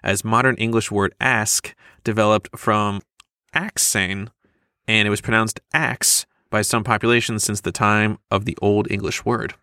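A man's voice: fairly low pitch, measured pace, no echo, studio quality. Matter-of-fact man reading podcast trivia. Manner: reads trivia facts in a steady, matter-of-fact way. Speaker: podcast co-host. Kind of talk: casual chat.

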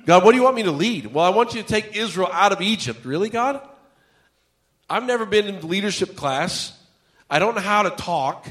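A man's voice: high-pitched, fairly quick, fairly bright tone, voice pushed up. A man voicing Moses as a reluctant, exasperated shepherd, pleading and incredulous as he argues with God.

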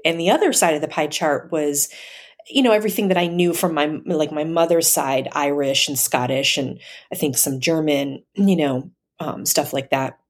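A woman telling a personal story in a casual, hesitant way, with many fillers and soft laughs. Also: low voice, moderate pace.

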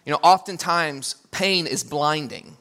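Bright-voiced animated male pastor. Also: unhurried. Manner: animated, acts out quotes with big pitch jumps. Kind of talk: sermon.

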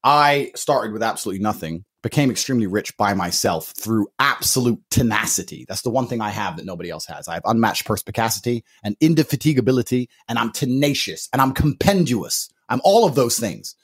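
A man's voice: on the low side, lively intonation, brisk, hardly any pauses, husky. A man co-hosting a podcast in brash, bragging, hyped banter, cursing freely. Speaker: podcast co-host. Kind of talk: casual boastful podcast banter.

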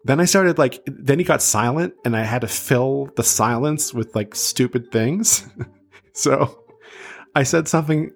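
A man in his thirties from south of Boston, USA, hosts a podcast, telling a story in a chatty, self-deprecating style with lots of fillers. His voice is medium-pitched and gravelly, at a measured pace.

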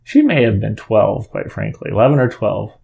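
A man's voice: on the low side, expressive, moderate pace, creaky, warm tone, husky. A middle-aged father telling a personal story in a casual, earnest way, rambling and often restarting his sentences.

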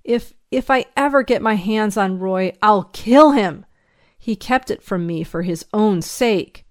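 A woman's voice: lowish voice, unhurried, dark tone, no echo, studio quality, lightly acted. A woman reading the part of a young male moonshiner in jail, pleading in a raised, strained voice. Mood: anguished.

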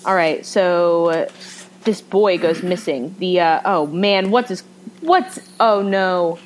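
A woman's voice: fairly low pitch, expressive, slow pace, low-quality recording. Young female co-host, gushing and playful, casual chat, faint room noise. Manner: enthusiastic, gushing, jokey. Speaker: podcast co-host.

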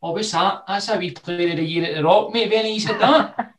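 A man's voice: high voice, moderate pace, a bit bright, reverberant. A man with a Scottish accent, co-hosting with laughing, joking banter. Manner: laughing, joking, says "mate" a lot. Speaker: co-host, former player. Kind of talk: casual banter.

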